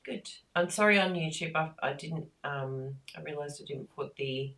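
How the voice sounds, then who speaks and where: Woman, craft live-stream host, gushing and chatty, deep-ish voice. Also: moderate pace. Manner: chatty, easily excited, gushing. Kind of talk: casual live-stream chat.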